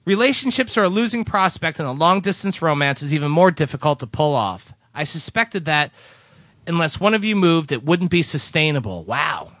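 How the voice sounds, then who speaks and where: A man reading listener letters on a chatty podcast, his voice sitting high and swinging widely in pitch. The tone is bright and forward, and the sound is close and dry with no room around it. He plays the letters up with a lively, joking delivery. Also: normal speed, no echo. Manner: animated, breaks into laughs while reading. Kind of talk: casual chat, reading letters aloud.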